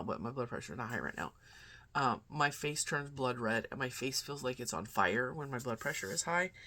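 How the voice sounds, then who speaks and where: A woman in her forties talks in a loose, rambling vlog style, chatting to her viewers as a crochet creator. Her voice is bright and crisp-edged. She drifts from one aside to the next. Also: very deep voice, slight background noise. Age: 40s. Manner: rambling and chatty, acting out quoted dialogue. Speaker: crochet vlogger. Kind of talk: casual chat.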